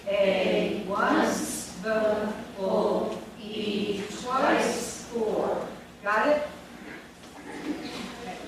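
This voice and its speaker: A woman leading a spelling lesson for teachers, firm and directive, repeating and drilling each word. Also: fairly high pitch. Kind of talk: classroom teaching demonstration. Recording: echoey room from far off, background noise.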